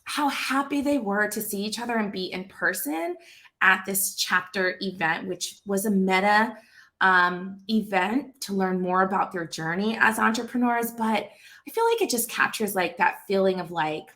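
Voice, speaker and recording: A woman in her thirties, founder of an association, telling a casual story full of fillers and lively quoted dialogue. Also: mid-range voice, normal speed. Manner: chatty, lots of fillers, animated quoted dialogue.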